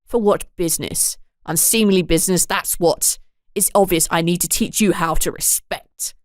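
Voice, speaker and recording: Brief: storybook heavy, a raging middle-aged father, snarling and low, as a woman reader puts him on. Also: steady tone, measured pace, creaky, dry recording, clean studio sound. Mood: menacing. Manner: snarling, threatening.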